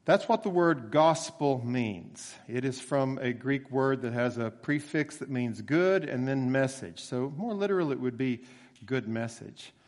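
A man's voice: medium pitch, animated. Preacher man in a reverberant hall. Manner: conversational storytelling with emphatic slowed phrases. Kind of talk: sermon.

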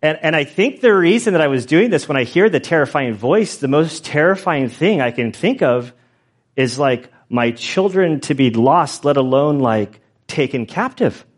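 A middle-aged pastor telling stories in a loose, self-deprecating sermon with many restarts and asides. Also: male voice, a little high, lively intonation, moderate pace. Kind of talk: conversational Bible teaching with stories.

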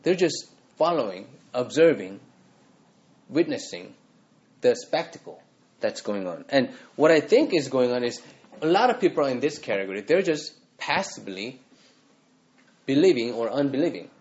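Male pastor, earnest conversational sermon, middle pitch, slightly muffled lo-fi sound. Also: big pitch swings, normal speed, pauses often, a little mellow. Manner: earnest, conversational preaching with acted quotes.

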